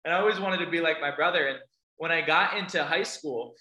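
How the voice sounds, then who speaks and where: Speaking fast in a high, bright, forceful voice, this man gives a motivational talk before a live audience, sharing stories and asking the crowd questions. The recording is low-quality and reverberant.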